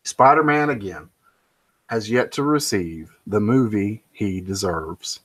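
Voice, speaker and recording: A man's voice: fairly low pitch, slow. A man giving an opinionated, rambling monologue, emphatic and prone to ranting. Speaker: pop culture commentator.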